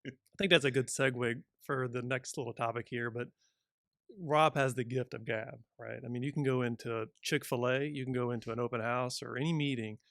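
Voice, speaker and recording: Quick talking guy co-hosting a podcast, eager, dry mic. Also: medium pitch, fairly even intonation, fairly bright tone, no room sound. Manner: quick, enthusiastic, full of praise. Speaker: podcast co-host, real estate agent. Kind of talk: casual chat.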